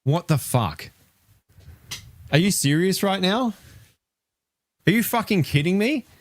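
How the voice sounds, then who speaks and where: A retro gaming streamer reacts live to a game ranking, his high-pitched voice moving slowly through a dry recording. He swears and rants in disbelief, animated and exasperated.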